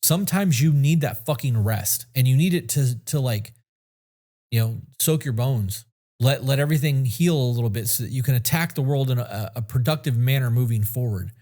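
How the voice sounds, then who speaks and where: A man talks on a podcast in a loose, rambling way, blunt and swearing often. His voice is mellow and relaxed, at an ordinary pitch for a man. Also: normal speed. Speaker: podcast co-host. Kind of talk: casual podcast chat.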